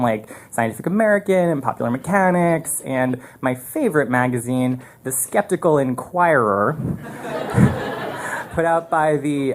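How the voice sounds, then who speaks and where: A man telling a personal story at a live storytelling show, animated and rambling, with lots of fillers and restarts, into a stage microphone. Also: mid-range voice.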